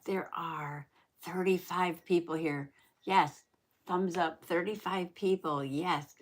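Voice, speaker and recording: A woman hosting a casual craft livestream, chatty and quick to laugh, reading out chat comments and repeating herself, with allergies that make her clear her throat. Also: on the low side, fairly even intonation. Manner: says howdy and reads chat comments aloud.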